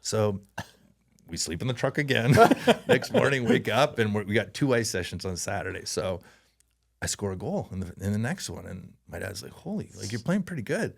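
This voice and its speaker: Canadian guy spinning a story in an interview, animated, lots of laughing, does little voices. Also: lowish voice, moderate pace, vocal fry. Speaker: podcast guest, former hockey player.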